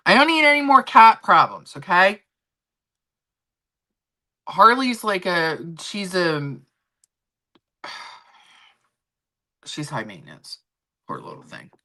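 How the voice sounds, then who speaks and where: A woman's voice: mid-range voice, big pitch swings, takes it slowly, long pauses, bright, forceful tone. A middle-aged woman with a Philadelphia accent from Kensington, rambling in casual chat as host of her own show. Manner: rambling, chatty, talks to her pets mid-stream. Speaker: vlog host.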